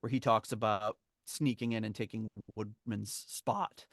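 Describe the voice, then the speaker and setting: In casual podcast chat, a male host reads from a memoir and rambles through the tale with chuckles. He speaks unhurriedly in a fairly low, creaky voice, recorded dry with clean studio sound.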